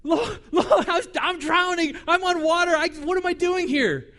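Preacher doing an impulsive fisherman guy, excitable, kinda high voice. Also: moderate pace, exaggerated voice. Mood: panicked. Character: impulsive fisherman apostle, man, panicky then bold.

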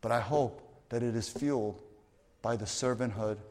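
A man preaching a sermon as a pastor, telling a story with lively energy and many fillers and restarts. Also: mid-range voice, moderate pace, long reverb tail. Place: church retreat hall.

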